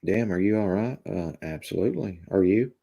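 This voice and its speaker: A man hosting a live stream, chatting casually with viewers in a deadpan, rambling way full of fillers. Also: sits low, fairly quick, creaky, slightly rough. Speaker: live-stream host reading chat.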